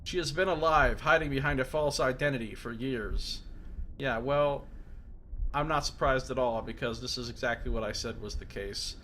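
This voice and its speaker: A man's voice: medium pitch, normal speed, a little hiss or hum. Man reading game text aloud. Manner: reads narration aloud, breaks off into excited asides. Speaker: streamer.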